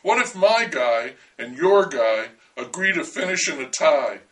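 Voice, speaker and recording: A man's voice: on the high side, very animated, measured pace, fairly bright tone, far from the mic. A man voicing a scheming male TV reporter who talks in a wheedling, scornful way. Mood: pushy.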